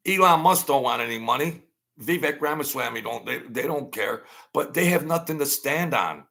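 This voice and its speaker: A man's voice: mid-range voice, vocal fry, pushed and bright. A man hosting his own channel, delivering an emphatic, repetitive political rant and mocking his opponents in a put-on whine. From Italian-American family. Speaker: political commentary host.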